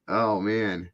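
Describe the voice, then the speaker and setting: A man's voice: fairly low pitch, a bit bright, dull audio. A middle-aged man hosting a casual live stream, chatting with viewers and often breaking into laughing fits. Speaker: livestream host chatting with viewers.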